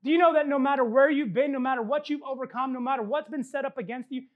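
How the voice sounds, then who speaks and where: A woman's voice: high-pitched, fast talker, phone-quality sound. A woman pastor giving a sermon, preaching with emphatic repeated phrases and light joking asides.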